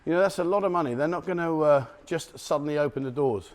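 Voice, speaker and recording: With a slightly mellow voice on the high side and a quick pace, a middle-aged man vlogs while walking along a city street at dawn. Filmed on a handheld camera, the walk-and-talk is chatty and joking, and he often chuckles at his own remarks.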